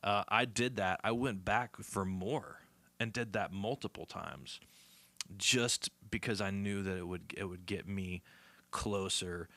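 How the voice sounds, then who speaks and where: Deep-voiced, bright-toned man chatting. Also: measured pace, gravelly, no room sound. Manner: reflective, storytelling. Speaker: guest musician. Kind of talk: casual podcast conversation.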